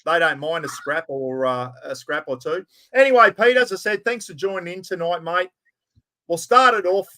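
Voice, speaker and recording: A man's voice: on the high side, lively intonation, moderate pace, sharp tone. A man with an Australian accent hosting a casual chat, blokey and talkative, calling everyone mate. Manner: chatty, blokey, calls people mate. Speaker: podcast host.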